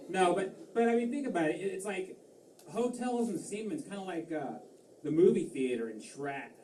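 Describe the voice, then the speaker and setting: Self-deprecating and rambling, a man from Massachusetts works through a stand-up set on a comedy club stage, full of fillers and restarts. His high-pitched voice is expressive and mellow at normal speed, recorded from a distance with roomy sound, faint crowd ambience, and slight hiss or hum.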